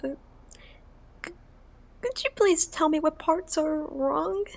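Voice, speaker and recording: A woman's voice: high voice, slow, gravelly, exaggerated voice. A woman voicing a timid, anxious young female writer who stammers and mumbles. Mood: hesitant. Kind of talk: fan voice acting of a visual novel.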